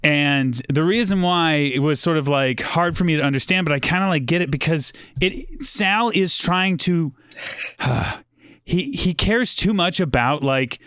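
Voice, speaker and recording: Guy rambling about a movie, lots of um and like, fairly high smooth voice, dry close mic. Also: unhurried, a bit bright, no echo. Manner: rambling, many fillers and restarts. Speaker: podcast guest. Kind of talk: casual movie discussion.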